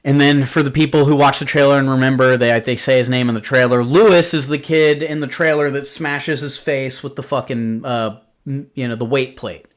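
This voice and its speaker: A man's voice: mid-range voice, steady tone, moderate pace. A man hosting a podcast, chatting casually about horror films, rambling with lots of fillers and swearing freely. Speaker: podcast host. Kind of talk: casual film review chat.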